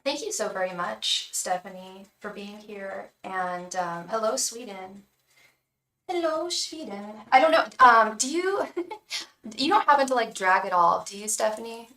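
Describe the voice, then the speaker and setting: A woman's voice: medium pitch, animated, moderate pace, bright, forceful tone, far from the mic, a little hiss or hum. A woman who reads tarot on a livestream, chatting casually and encouragingly to viewers, repeating words and using many fillers. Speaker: tarot reader and psychic on a livestream. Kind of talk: casual chat to live viewers. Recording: roomy echo, voice away from the mic.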